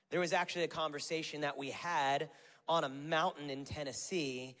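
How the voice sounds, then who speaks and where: A man's voice: fairly high pitch, fairly bright tone. A man in his thirties preaching a sermon in a church, earnest and building to emphatic calls to the congregation. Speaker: guest preacher. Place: church sanctuary. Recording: large church hall reverb.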